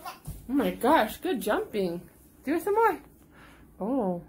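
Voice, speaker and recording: A woman's voice: high-pitched, very animated, takes it slowly, a little mellow. A young woman in casual chat with her toddler, coaxing and praising her in sing-song baby talk. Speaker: mother filming her toddler. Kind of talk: casual home vlog.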